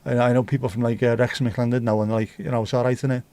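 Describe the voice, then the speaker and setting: Swearing livestream host. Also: male voice, medium pitch, flat delivery, very fast, warm tone, no room sound. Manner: banter with swearing and mock accents. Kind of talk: casual livestream chat.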